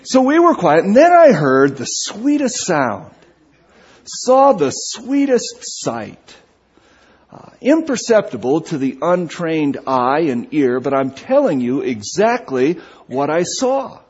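Brief: male preacher, humorous sermon storyteller; somewhat high, husky voice, muffled lo-fi sound. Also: very animated, slow, a little mellow. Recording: dull lo-fi recording.

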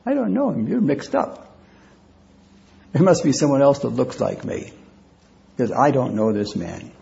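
A man voicing a frightened, defensive man who insists he does not know someone, his voice jumping up high as he protests. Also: huge pitch swings, unhurried, gravelly, mellow, muffled recording, exaggerated voice. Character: frightened grown man denying, defensive and flustered.

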